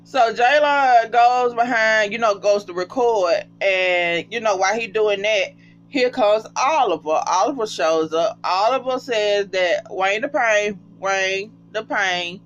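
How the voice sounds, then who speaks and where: A casual reality TV recapper talking straight to viewers, often breaking into high, cracking laughter. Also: a little slow. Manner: chatty, addresses viewers as y'all. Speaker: TV show recapper. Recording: dull lo-fi sound with faint hum.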